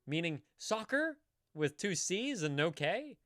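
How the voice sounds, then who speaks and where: A man's voice: high-pitched, very animated, a little slow, fairly bright tone, dry recording, clean studio sound. A man co-hosting a live stream, joking around, laughing often and swearing casually. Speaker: co-host.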